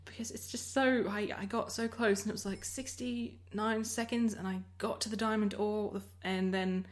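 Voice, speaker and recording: A woman's voice: medium pitch, steady tone, normal speed. An Australian woman giving casual commentary over her recorded gameplay, rambling and often breaking off mid-sentence. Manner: rambling, self-interrupting, chatty. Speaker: Minecraft let's player.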